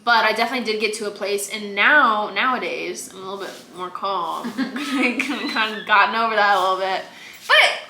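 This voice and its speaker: A woman's voice: mid-range voice, normal speed. A young woman from Virginia, a podcast guest talking candidly and emphatically, with frequent likes and repeated phrases. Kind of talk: candid conversational interview. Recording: echoey room with faint noise.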